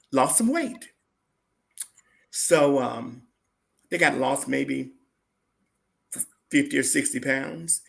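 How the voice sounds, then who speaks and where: A man being interviewed as a guest, telling a personal story in an animated way and acting out what other people said. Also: fairly high pitch, vocal fry.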